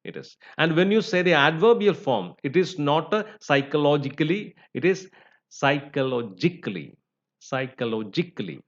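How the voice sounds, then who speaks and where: A methodical male teacher walks through pronunciation rules, spelling out word endings letter by letter and dropping frequent fillers. His voice sits a little high for a man. The recording is dull and lo-fi. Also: lively intonation, moderate pace, few pauses, fairly bright tone. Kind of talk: spoken lesson on word stress.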